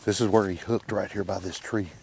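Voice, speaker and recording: Low-voiced man bowhunter in woods. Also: fairly even intonation, a little fast, vocal fry, a little mellow, a little hiss or hum. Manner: short, plain spoken phrases. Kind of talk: hunting show narration and field talk. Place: outdoors in woods.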